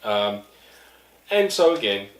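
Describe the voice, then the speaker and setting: Wry low-voiced man with a London accent. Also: big pitch swings, takes it slowly, reverberant, distant mic, rough recording. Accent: London English. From London, England. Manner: wry, meandering, self-correcting. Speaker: vlogger. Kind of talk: casual anecdotal storytelling.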